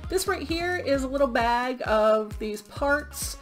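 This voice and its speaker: A woman's voice: sits high, animated, slow. Middle-aged woman vlogger, upbeat and chatty, a bit winded from illness, light background music. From Florida. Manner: chatty, upbeat, many ums. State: sick, out of breath. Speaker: eBay reseller vlogger. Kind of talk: casual show-and-tell vlog.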